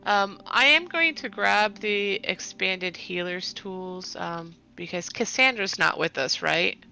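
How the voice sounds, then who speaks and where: A woman's voice: mid-range voice, expressive, takes it slowly, vocal fry, bright, forceful tone. A woman playing a tabletop game, hesitant and giggly, with many ums. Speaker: player.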